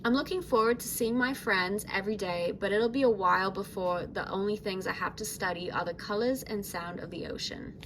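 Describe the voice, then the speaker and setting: A woman's voice: medium pitch, a little fast, few pauses, a bit bright, slight background noise, close to an everyday voice, poor audio. A woman voicing a laid-back teenage sea-monster surfer girl in a put-on mix of British, Australian and American accents, reading her diary aloud. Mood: breezy. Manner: breezy, chill beach talk.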